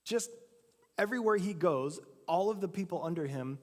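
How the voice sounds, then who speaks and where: Storytelling preacher in a reverberant church. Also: male voice, sits high, lively intonation, normal speed. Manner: casual storytelling with acted-out quotes. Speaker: pastor. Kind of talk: sermon. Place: church sanctuary. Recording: long church hall reverb.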